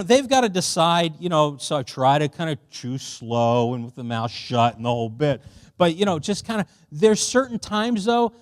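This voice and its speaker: Middle-aged man, church workshop speaker, fairly high voice, dry close sound, chatty and boisterous. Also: no room sound. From Philadelphia. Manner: animated, conversational, loud and boisterous by his own account; casual, with many fillers and asides to the audience.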